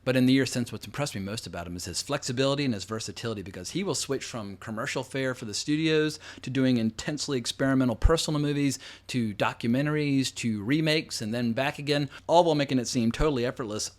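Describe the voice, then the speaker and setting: A man in his forties hosts a casual film commentary, drifting through asides in a chatty, rambling flow. His voice sits at an ordinary middle pitch. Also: quick pace, few pauses. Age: 40s. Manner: rambling, conversational, with asides and fillers. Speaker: host.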